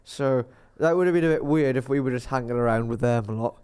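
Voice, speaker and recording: A man's voice: mid-range voice, fast talker, a little mellow, clean tone. A man, co-hosting a podcast and telling a rambling story, acting out what people said. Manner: rambling storyteller, acts out quotes. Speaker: podcast co-host. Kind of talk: casual chat.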